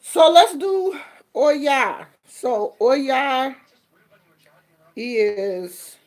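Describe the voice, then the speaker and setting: A woman hosting a show and telling a story in casual chat, animated and acting out what people said. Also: high-pitched, very slow. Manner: animated, acts out quotes. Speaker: host.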